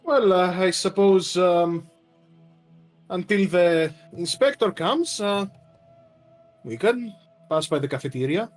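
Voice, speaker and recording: A man playing his tabletop character, speaking slowly and haltingly with fillers. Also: sits high, expressive, soft background music. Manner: slow, hesitant in-character speech with fillers. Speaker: player. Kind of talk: tabletop role-play, in character.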